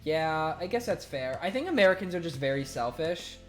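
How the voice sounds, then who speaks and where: Reading viewer messages aloud on a live stream, a young man speaks a little fast, in a slightly high voice with lively intonation. His manner is loose and laughing, full of swearing, and his volume swings from loud to mumbled against faint music.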